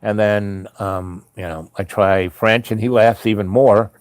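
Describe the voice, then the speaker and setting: A man's voice: lowish voice, fairly even intonation, unhurried, clean tone, dry recording. A man telling a personal travel story in a casual, rambling way, full of fillers and restarts.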